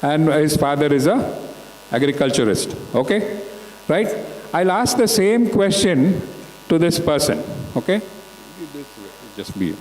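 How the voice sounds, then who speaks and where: A man's voice: a little high, sing-song, measured pace, pauses often, darkish tone. A man giving an interactive talk to students, asking them questions again and again. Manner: asks the audience questions again and again. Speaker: guest speaker at a school talk. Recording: echoey hall with faint hum.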